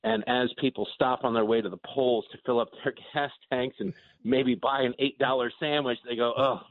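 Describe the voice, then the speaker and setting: A man's voice: mid-range voice, steady tone, normal speed. A man speaking as a political commentator guest, sarcastic and mocking, on a phone line. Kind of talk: opinionated radio talk. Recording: tinny dry phone line.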